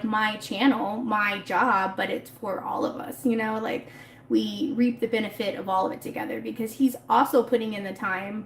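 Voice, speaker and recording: A chatty woman with a slightly high voice rambles through a casual livestream, answering viewer comments from her phone. Her voice echoes around the room, with a faint noise underneath. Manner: chatty and rambling, laughs often. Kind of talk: casual live chat.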